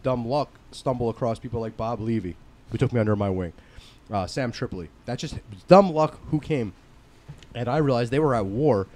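A man in his forties from northern New Jersey with a New Jersey accent, telling profane stories on a casual podcast, getting loud when he quotes his friends. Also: mid-range voice. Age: 40s. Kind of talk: casual chat.

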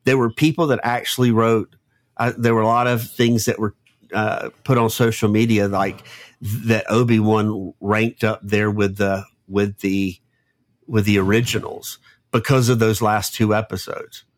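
A man in his fifties from Florida with a Southern accent, chatting on a podcast in a halting, rambling way full of restarts. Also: fairly low pitch, flat delivery, no echo. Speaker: podcast co-host. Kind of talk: casual chat.

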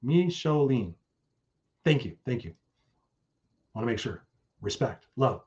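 A man's voice: on the low side, animated, measured pace, dull audio. Effusive, profane male live-stream host. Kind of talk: solo live-stream talk, reading chat comments.

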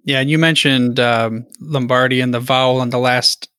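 A man's voice: mid-range voice, steady tone, normal speed, sharp tone, clean tone, no echo, studio quality. A young man hosting a podcast, asking a question in a casual, hesitant way. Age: young adult. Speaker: podcast host. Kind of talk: interview question.

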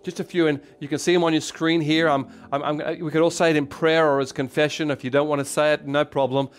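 A man with an Australian accent, preaching a fervent sermon and leading prayer, repeating phrases and slowing down for emphasis. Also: on the high side, level tone. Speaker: pastor.

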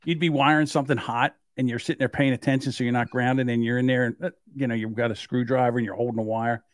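A middle-aged man co-hosting a casual podcast, telling stories in a lively way and acting out the people in them. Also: medium pitch, fast, dry recording. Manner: animated storyteller, acts out voices and yelps. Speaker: podcast co-host.

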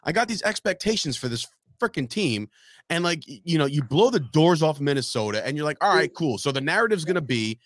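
A man with a New Jersey accent hosts a sports podcast in casual, profane banter. His mid-pitched voice swings up and down with animated energy and laughter, on a dry, close podcast mic. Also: brisk, no echo. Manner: animated, laughs often, swears freely. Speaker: podcast host.

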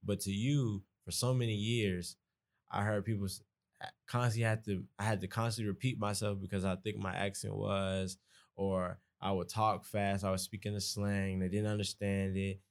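Young adult man, Georgia accent, lower-pitched, casual rambling podcast guest. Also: level tone, moderate pace. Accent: Georgia, US South. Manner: rambling, restarts often, folksy. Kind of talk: casual conversation.

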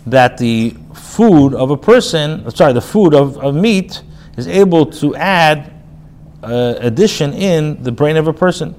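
A rabbi giving a casual spoken class, reading phrases aloud and then explaining them in plain talk, with restarts and fillers. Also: male voice, fairly high pitch, expressive, measured pace, darkish tone, slight background noise. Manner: reads Hebrew phrases then paraphrases them in English; frequent restarts and filler, conversational. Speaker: rabbi teaching a text class.

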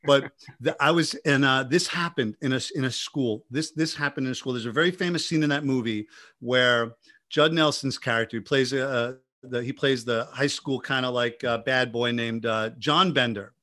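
A man co-hosting a podcast, telling stories in a casual, animated way with many restarts. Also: mid-range voice, normal speed. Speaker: podcast co-host.

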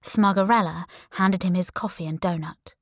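A woman narrating a first-person thriller audiobook, with wry, even storytelling on a close studio mic. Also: fairly low pitch, moderate pace, no room sound.

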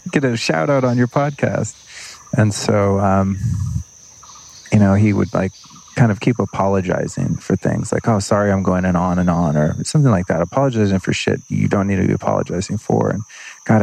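A podcast host speaks alone in a loose, earnest, rambling way and drops the odd swear word. His voice sits very low, with a gravelly fry and a husky edge. He talks like he is thinking out loud. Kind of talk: unscripted reflective monologue.

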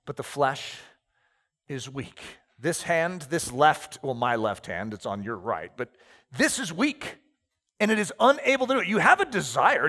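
A pastor giving an animated sermon, telling stories with acted-out asides. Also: male voice, high voice. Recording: reverberant hall.

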